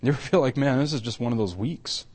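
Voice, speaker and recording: A man's voice: medium pitch, fast talker, darkish tone, slightly rough. A middle-aged man, an elder preaching a conversational sermon, often repeating and restarting, then building to emphatic points.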